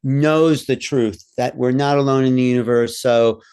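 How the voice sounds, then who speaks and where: A man's voice: medium pitch, fairly even intonation, normal speed, a little mellow, smooth. A man co-hosting a talk show, answering a viewer question in a conversational, opinionated way as he thinks aloud. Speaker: co-host. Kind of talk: live talk show commentary.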